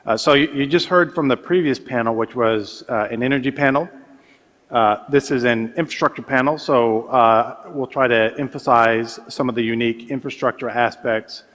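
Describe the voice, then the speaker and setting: Man, conference panelist, hesitant measured delivery, reverberant hall. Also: medium pitch, a bit bright. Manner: measured, many hesitations and restarts. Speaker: panelist, energy company executive.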